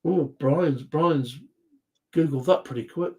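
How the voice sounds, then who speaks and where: The host is a British man with a fairly high voice who talks at a slow pace. Running a casual live quiz in the chat, he keeps things jokey and reads viewers' comments aloud.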